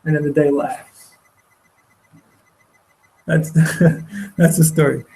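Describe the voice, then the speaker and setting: Gravelly man retelling a story haltingly. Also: fairly high pitch, fairly even intonation, mellow, poor audio. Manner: halting, repeats words, many restarts. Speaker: teacher. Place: study hall.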